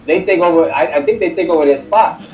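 A man co-hosting a sports podcast in casual chat, chiming in with quick agreements. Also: a little high, reverberant. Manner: quick agreeing interjections, lively. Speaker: podcast co-host. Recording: distant from the mic.

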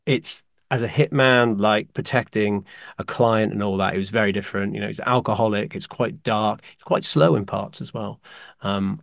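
Animated man with a gravelly voice. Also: lowish voice, no echo, clean studio sound. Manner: animated, excitable, apologetic asides. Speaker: podcast co-host. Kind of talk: casual chat, ranking films.

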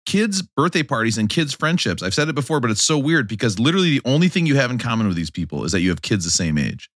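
A man's voice: medium pitch, fast, no room sound, clean studio sound. A man co-hosting a podcast, telling stories in a casual chat and acting out the people he quotes. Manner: animated storytelling, acts out quotes. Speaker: podcast co-host.

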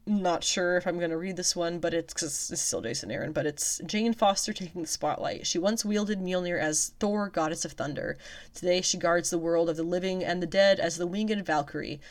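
A woman with a slightly low voice, casually working through a list of upcoming comic releases. She reads in a chatty way and drops wry asides in between. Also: normal speed. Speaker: comics news vlogger. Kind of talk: casual reading of comic listings.

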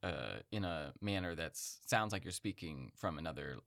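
A man's voice: a bass voice, expressive, normal speed, gravelly, a bit bright, no echo, clean studio sound. A man co-hosting a podcast, casually explaining topics to his partner and laughing easily. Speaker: podcast co-host. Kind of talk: casual chat.

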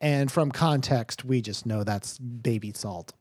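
Slow-talking man narrating a tabletop game. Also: mid-range voice, a little mellow, dry recording, clean studio sound. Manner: meandering, filler-heavy narration. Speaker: game master.

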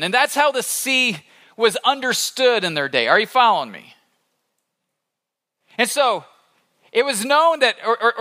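A male pastor preaching a sermon in an animated, conversational storytelling manner. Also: high voice.

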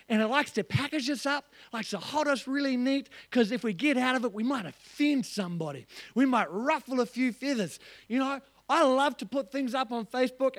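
High-voiced, animated New pastor. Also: male voice, dry recording. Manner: animated, joking, acts out voices. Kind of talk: sermon. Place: church.

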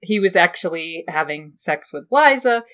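A woman's voice: on the low side, lively intonation, moderate pace, a bit bright. A woman co-hosting a podcast, explaining a point in a thoughtful, casual way. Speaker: podcast co-host. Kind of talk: casual chat.

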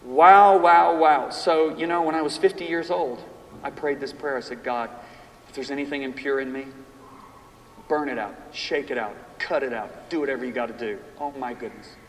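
A man in his fifties teaching a class in a sermon style, telling personal stories and reading scripture slowly and emphatically. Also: mid-range voice, slight background noise. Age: 50s. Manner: animated storytelling, reads scripture slowly and emphatically. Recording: echoey hall from far off, faint ambience.

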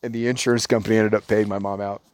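A man from Orange County, California, telling a profane story as a podcast guest in a casual, animated way. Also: on the low side, rapid-fire.

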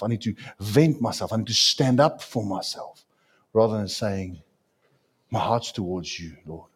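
A man preaching a sermon as a pastor, with dramatic swings in pitch and loudness. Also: slightly rough.

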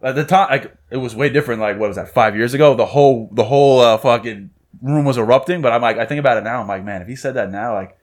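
A man's voice: medium pitch, fast. A man from New York hosting a podcast, telling stories casually and acting out what people said. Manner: storytelling, acts out quotes. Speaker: podcast host.

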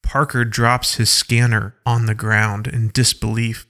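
Slow, bright-voiced male story narrator. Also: mid-range voice, flat delivery.

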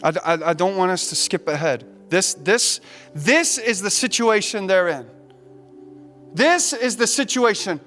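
A male pastor delivers an impassioned sermon in a high-pitched voice. He stumbles over and repeats words as he drives his points home. Faint music plays softly beneath him. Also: animated, a little slow.

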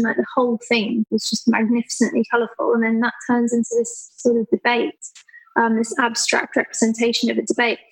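A woman, an artist chatting on a podcast and telling animated stories about her public artworks. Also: fairly high pitch, gravelly, breathy edge, low-quality recording. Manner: animated storyteller, acts out people's voices. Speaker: artist guest. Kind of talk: casual podcast conversation.

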